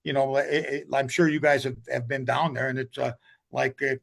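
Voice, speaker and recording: Gravelly older man, rambling. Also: medium pitch, flat delivery, moderate pace. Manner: rambling, many restarts, drifts off track. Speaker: guest hockey coach. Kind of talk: casual storytelling interview.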